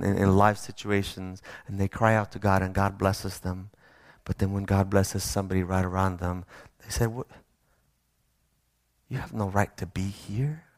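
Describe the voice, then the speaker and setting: A man's voice: sits low, no echo, clean studio sound. A man preaching a sermon, conversational and emphatic, with frequent restarts.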